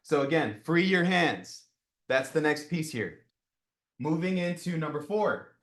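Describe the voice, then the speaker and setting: A man in his thirties coaching a live group on real estate cold calling, energetic and talking with his hands, often checking in with "right?". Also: on the high side, unhurried.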